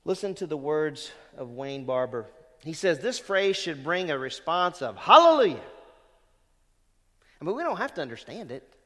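A man preaching a sermon as pastor, emphatic, swelling loud on quoted verses and dropping low at the ends of phrases, calling questions out to the congregation. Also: big pitch swings, moderate pace, long reverb tail. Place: church sanctuary.

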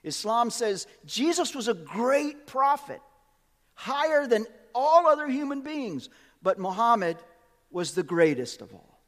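A man preaching a sermon with emphasis, swinging from quiet asides to loud, lively peaks. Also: extremely high pitch, unhurried, in a large hall.

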